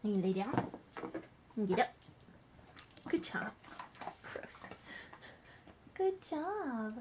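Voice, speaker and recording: A woman's voice: a little high, sing-song, very slow, background noise. A young woman vlogging as she trains her dog, chatting and praising the dog in a bubbly, coaxing voice. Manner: bubbly baby-talk praise to dogs. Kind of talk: casual dog training vlog.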